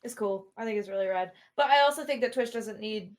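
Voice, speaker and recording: A woman's voice: a little high, a little fast. A woman chatting casually and giggling on a group voice call, filling her talk with "like". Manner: giggly, lots of fillers like 'like'.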